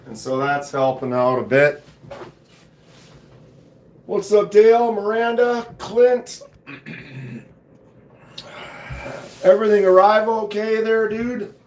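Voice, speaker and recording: Hoarse man chatting on a live stream. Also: sits high, lively intonation, takes it slowly, long pauses, darkish tone, echoey room. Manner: laid-back, chatty, clears throat often. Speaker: knife channel host. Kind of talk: casual live stream chat. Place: home knife room.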